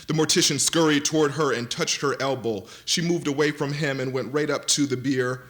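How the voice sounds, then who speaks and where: A man reads a literary passage aloud to a university audience with a dramatic, shifting delivery. He slows down and lingers on vivid images. He speaks at a middle pitch. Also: fairly even intonation, fairly bright tone. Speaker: panelist reading aloud. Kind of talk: expressive literary reading. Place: university lecture event.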